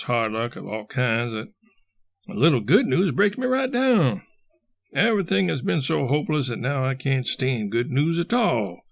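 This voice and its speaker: A man voicing a weary young man worn down by failure, speaking softly and pleadingly. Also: medium pitch, vocal fry.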